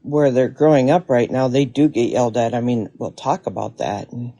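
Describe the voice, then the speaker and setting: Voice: medium pitch, steady tone, normal speed, mellow, dry recording. A caller talking casually and hesitantly, with many fillers and trailing thoughts. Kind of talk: casual conversation.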